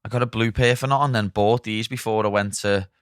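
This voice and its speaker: A young Liverpool man hosts a podcast in a blunt, sweary, joking way. His low voice comes across smooth and clear, recorded close and dry with no room sound. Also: steady tone, brisk, no echo. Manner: blunt, sweary, laughing banter. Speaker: podcast host. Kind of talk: casual banter.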